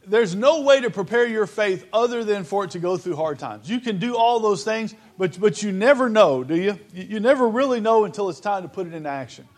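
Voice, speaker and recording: A man's voice: sits high, expressive, brisk, few pauses. A man preaching a sermon in an earnest, conversational way, often restarting his sentences.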